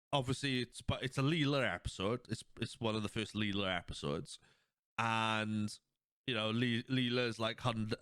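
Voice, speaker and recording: A young man hosting a casual podcast chat, rambling and animated as he retells scenes. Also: fairly low pitch, clear, resonant tone, no room sound, clean studio sound. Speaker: podcast host.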